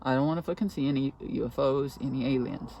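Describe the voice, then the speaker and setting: Profane ranting woman, dark voice. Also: a bass voice, quick pace, creaky, a little hiss or hum. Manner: profane, agitated, swears constantly. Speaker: vlogger. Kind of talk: casual vlog rant.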